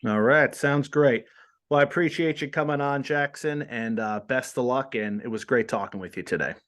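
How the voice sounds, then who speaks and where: A man in his forties hosting a casual podcast at a mid-range pitch. He rambles from one thought to the next and pokes fun at himself as he goes. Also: moderate pace, fairly bright tone. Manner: rambling, self-deprecating, laughs at himself. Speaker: podcast host.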